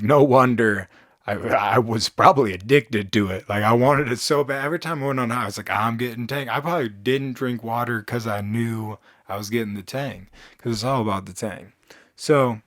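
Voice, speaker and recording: A man with a lowish voice tells a casual story, rambling and poking fun at himself as he acts out what others said. The sound is dry and close, with no room around him. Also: no echo. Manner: rambling, self-mocking, acts out quotes. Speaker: storytelling vlogger.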